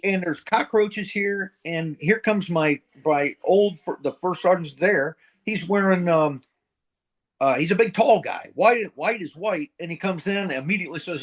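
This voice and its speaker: A man's voice: on the high side, moderate pace. Blunt profane older veteran storyteller man. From middle America. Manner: blunt, profane, acts out quoted dialogue. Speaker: interview guest, retired Marine sergeant major. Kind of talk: casual storytelling interview.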